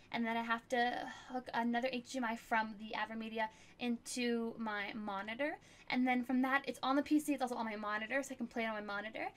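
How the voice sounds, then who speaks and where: Her voice a bit high and fairly bright, a young woman fields viewer questions during a stream. The conversation is relaxed, sprinkled with fillers and frequent laughs.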